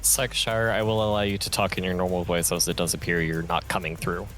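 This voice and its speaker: A man's voice: low-pitched, flat delivery, brisk, a bit bright, soft background music. A man running a tabletop role-playing game, giving matter-of-fact rulings. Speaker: game master.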